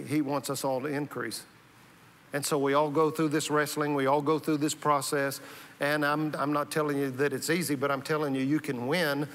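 With a fairly high, slightly bright voice, a male pastor delivers a conversational sermon, frequently restarting and repeating himself. It's recorded in a church sanctuary that echoes like a reverberant hall.

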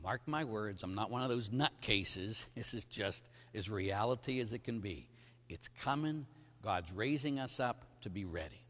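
A middle-aged man, a Catholic priest, preaching a sermon to men, emphatic and acting out stories with sudden loud bursts. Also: lowish voice, animated, moderate pace. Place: large hall at a conference. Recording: reverberant hall.

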